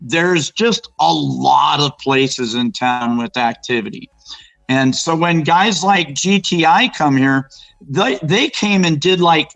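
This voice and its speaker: A man with a slightly higher voice rambles through local ghost and cryptid tales, acting out the people he quotes. He stops and restarts often in a loose, conversational way. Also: fairly bright tone, low-quality recording. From Arizona, raised in Los Angeles. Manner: rambling storyteller, restarts and fillers, acts out quotes. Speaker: guest. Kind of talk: casual chat about local hauntings.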